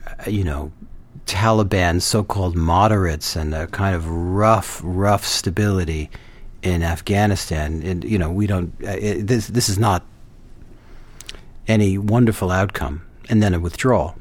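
A man discussing politics on a panel, measured and hesitant, with many fillers and restarts. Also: sits low. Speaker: guest commentator.

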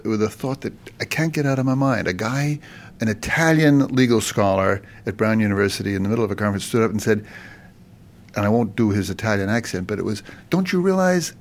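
A man hosting a political panel, animated as he builds his argument with rising emphasis. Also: fairly low pitch.

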